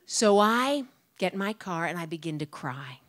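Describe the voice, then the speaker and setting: A woman doing stand-up storytelling on stage, animated, jumping into a loud high voice when she acts out what people said. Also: normal speed. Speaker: storyteller comedian.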